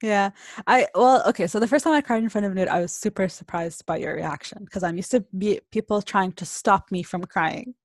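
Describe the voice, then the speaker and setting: A woman's voice: medium pitch, a little fast, no room sound. A young woman in casual podcast chat, emotional and open, laughing often. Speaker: podcast co-host.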